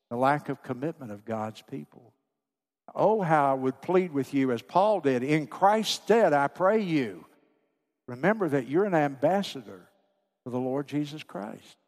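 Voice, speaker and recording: A man preaching a sermon in a church, pleading and urging his congregation. His voice sits in a middle register and carries a long echo from the sanctuary. He swings between fervent urgency and a soft, hushed delivery. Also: mid-range voice. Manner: impassioned, pleading preacher who drops to a hushed voice. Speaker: pastor. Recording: long hall reverb.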